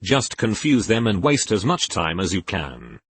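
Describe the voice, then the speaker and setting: A man with a low, husky voice reads internet posts aloud, his pitch rising and falling freely as he works through each one. The sound is close and dry, with no room around it. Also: wildly swooping pitch, measured pace, dry recording. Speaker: narrator reading Reddit posts.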